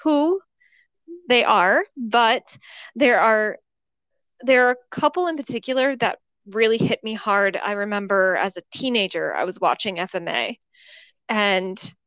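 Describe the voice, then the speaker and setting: A woman's voice: mid-range voice, a bit bright, no echo, poor audio. A woman co-hosting a podcast, telling a story animatedly in casual chat while avoiding spoilers. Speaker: podcast co-host.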